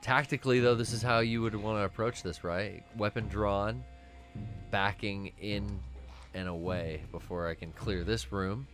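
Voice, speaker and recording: Laid-back lower-voiced man streaming a game. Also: unhurried, fairly bright tone, faint music behind. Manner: laid-back, swears often, mutters to himself while playing. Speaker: stream co-host playing a video game. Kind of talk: casual gaming stream chat.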